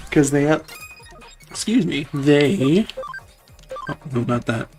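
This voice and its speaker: A man's voice: fairly high pitch, expressive, extremely slow, music in the background. A man streaming a video game, chatting casually and laughing often. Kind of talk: casual gameplay chat.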